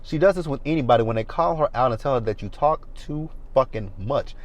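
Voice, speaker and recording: Brief: man in his thirties, TV recap reviewer talking from his car, blunt and emphatic with plenty of swearing, mid-pitched voice. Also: lively intonation, brisk, few pauses, muffled recording. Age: 30s. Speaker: reality TV reviewer. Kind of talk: casual TV recap commentary. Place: parked car.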